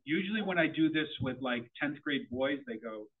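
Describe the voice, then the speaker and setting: A middle-aged man giving an interactive presentation to parents, animated and quizzing his audience. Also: medium pitch, moderate pace, very noisy. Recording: tinny phone-like audio.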